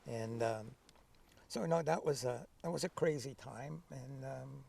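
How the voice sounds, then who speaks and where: A man in his seventies telling stories from his past in an interview, lively and acting out remembered dialogue. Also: medium pitch, measured pace, gravelly, far from the mic, slight background noise. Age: 70s. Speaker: interview guest, veteran. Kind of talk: conversational storytelling.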